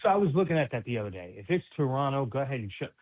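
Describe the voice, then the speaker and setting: A man's voice: mid-range voice, very animated, rapid-fire. A man from New York City, a basketball analyst guest, chatting casually and animatedly on sports radio with street slang, over a tinny phone line.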